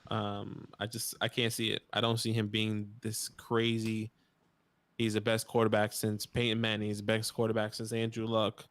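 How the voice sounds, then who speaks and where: A man's voice: on the low side, completely flat delivery, normal speed, fairly bright tone, no echo. A man from New York with a New York accent, co-hosting a live stream, joking around and reading chat comments aloud. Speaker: co-host.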